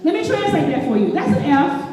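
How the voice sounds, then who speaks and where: A woman giving a lively motivational talk to an audience, playful and animated, quizzing the listeners. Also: sits high, a little fast, very noisy. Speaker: speaker addressing an audience. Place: event room with tables. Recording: echoey hall, mic from far off.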